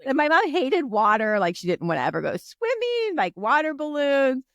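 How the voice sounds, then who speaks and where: A woman's voice: high voice, big pitch swings, moderate pace, dry recording, highs cut off. A woman co-hosting a casual chat, talking freely with many fillers. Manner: giggly, chatty, frequent "like" and "um". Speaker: podcast co-host.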